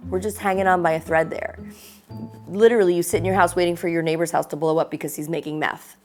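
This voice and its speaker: A woman's voice: fairly low pitch, steady tone, fast, a little mellow, soft background music. A woman hosting a parody reality-show vlog, griping about her neighbors in a sarcastic, mock-diva way. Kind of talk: casual confessional chat.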